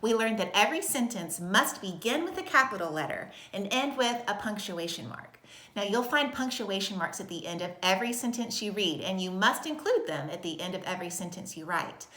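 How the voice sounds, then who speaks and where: A woman teaching a recorded kindergarten lesson in a slow, sing-song voice with exaggerated expression. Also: medium pitch, lively intonation, bright, forceful tone, reverberant. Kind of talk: recorded video lesson for young children.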